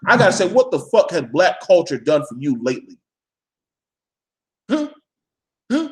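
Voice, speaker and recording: A vlogger addresses his viewers directly in a live, profane rant, blunt and preachy as he calls them out and leans hard on his point. His high-pitched voice is very animated and moves at a normal speed.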